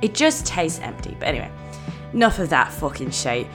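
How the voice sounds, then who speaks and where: Aussie girl podcast host, lowish voice that bounces everywhere, rambly and sweary, giggles a lot. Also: sing-song, fairly quick, music in the background. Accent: Australian. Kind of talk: casual chat podcast monologue.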